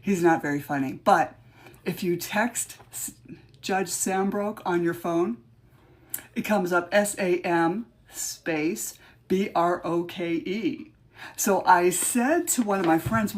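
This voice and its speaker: A woman's voice: medium pitch, slow, darkish tone. A woman hosting a podcast live, chatting casually in a sarcastic way and laughing often. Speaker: podcast host. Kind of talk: casual live-stream chat.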